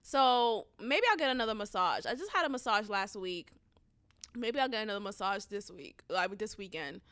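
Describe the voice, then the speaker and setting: A young adult woman hosting a podcast, ranting casually in an animated, profane way that flares into loud outbursts. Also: mid-range voice, moderate pace, no echo, studio quality. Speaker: podcast host. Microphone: close studio mic.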